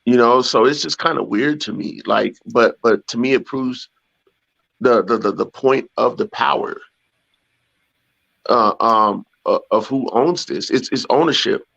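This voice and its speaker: A man co-hosting a talk show, speaking haltingly with many restarts and repeated words. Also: medium pitch, creaky, fairly bright tone. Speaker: podcast co-host. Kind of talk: casual talk show discussion. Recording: dull lo-fi sound.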